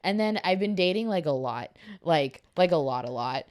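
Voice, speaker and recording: A woman's voice: sits low, lively intonation, normal speed, a little mellow. A woman guest on a comedy podcast chatting casually, rambling and hesitant, with many fillers. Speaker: podcast guest, show producer.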